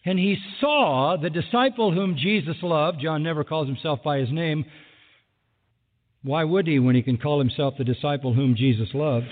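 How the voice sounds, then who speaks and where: A man preaching a sermon with lively delivery who acts out the people he quotes, recorded in a large hall. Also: on the high side, normal speed. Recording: phone-like sound with long hall reverb.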